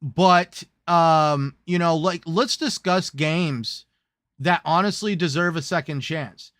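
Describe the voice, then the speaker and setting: A man hosting a casual gaming chat show, lively and joking, who slips into silly put-on voices now and then. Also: on the high side, takes it slowly, dry recording, clean studio sound. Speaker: host.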